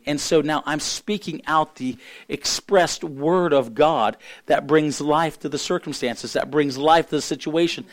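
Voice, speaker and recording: A hoarse middle-aged man preaches a sermon, his worn voice sitting a little high for a man. He is earnest and halting, often restarting his sentences as he works through his point. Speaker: pastor.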